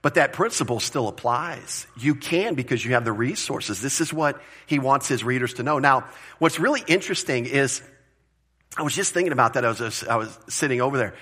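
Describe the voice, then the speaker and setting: A man preaching a sermon to his congregation, emphatic and animated, repeating phrases and asking the room questions. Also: mid-range voice, a little fast, breathy edge. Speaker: pastor.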